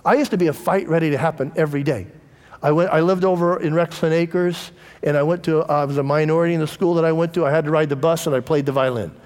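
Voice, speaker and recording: A man's voice: on the high side, fairly even intonation, fast, darkish tone, big-room sound. A middle-aged man and pastor, preaching a conversational sermon and telling candid personal stories to his congregation. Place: church.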